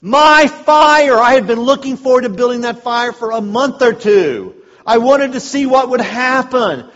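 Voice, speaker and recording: A man telling a humorous personal story to a live audience, swinging between loud outbursts and hushed asides. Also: very high voice, animated, measured pace, in a large hall, muffled recording.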